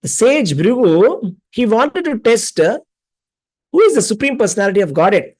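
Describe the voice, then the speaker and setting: This spiritual teacher's high voice swings widely in pitch, a little mellow with a breathy edge, at a moderate pace. His scripture class lecture is built on storytelling, with repetition, acted-out dialogue and frequent questions to his listeners.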